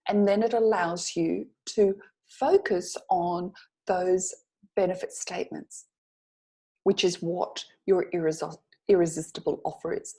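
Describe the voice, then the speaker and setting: A middle-aged woman coaching business owners in a lesson to camera. Her voice is mellow and warm, at an everyday middle pitch. She encourages her listeners and keeps checking in with a quick "okay?" or "right?".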